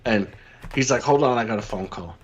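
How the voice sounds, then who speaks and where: A man's voice: medium pitch, a little fast. A man in casual podcast chat, telling a crude story in a laid-back, profane way.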